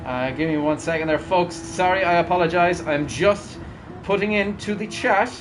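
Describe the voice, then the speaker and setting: A young man with a high voice commentates a live racing stream, upbeat and chatty as he keeps calling out to his viewers. Faint noise hums underneath. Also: moderate pace. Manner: upbeat, chatty, talks to chat.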